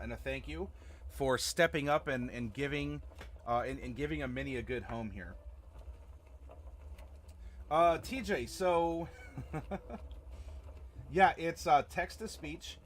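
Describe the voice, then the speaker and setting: A man's voice: medium pitch, slight background noise. A young man hosting a live stream as game master, chatting casually and rambling with many fillers and restarts.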